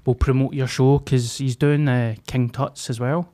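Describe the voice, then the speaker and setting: A man's voice: medium pitch, level tone, unhurried, dark tone. A man hosting a podcast, chatting in a loose, joking way. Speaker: podcast host. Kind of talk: casual chat.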